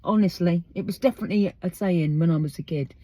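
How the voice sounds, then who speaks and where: A woman's voice: fairly low pitch, fast talker, dark tone, no echo. An English woman hosting her podcast outdoors, chatting emphatically and firing off rhetorical questions. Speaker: podcast host. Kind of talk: casual monologue.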